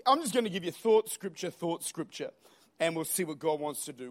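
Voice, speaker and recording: A man preaching a sermon in a church with an Australian accent, energetic and humorous, rising to shouts at high points. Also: a little fast. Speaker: pastor. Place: church auditorium.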